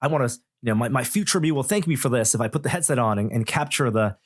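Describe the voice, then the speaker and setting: A man's voice: medium pitch, lively intonation, fast, no echo, studio quality. A middle-aged man, a tech journalist guesting on a podcast, talking thoughtfully and rambling with many restarts. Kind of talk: casual podcast chat.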